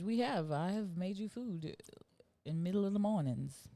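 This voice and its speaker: A woman's voice: mid-range voice, lively intonation, normal speed, warm tone, dry recording. A woman co-hosting a casual chat show, teasing her partner playfully and giving advice. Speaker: podcast co-host.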